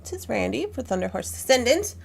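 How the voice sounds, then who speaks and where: A woman's voice: on the high side, a little fast, creaky, breathy edge. A woman chatting casually and cheerfully while hosting a live craft tutorial from home. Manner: chatty, animated, talks to her pet and viewers. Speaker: livestream craft host.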